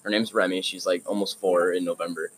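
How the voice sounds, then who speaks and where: A man's voice: low-pitched, little pitch movement, brisk, fairly bright tone, slightly rough, rough recording. A young man co-hosting a casual chat, telling a rambling story and tagging lines with "right?". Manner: rambling, says "right?" a lot. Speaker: co-host.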